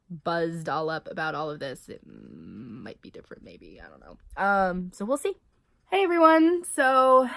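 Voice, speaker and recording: A woman's voice: on the high side, a bit bright, no room sound, clean studio sound. A young woman talking to camera in a casual vlog, emotional and swearing, full of fillers. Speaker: vlogger.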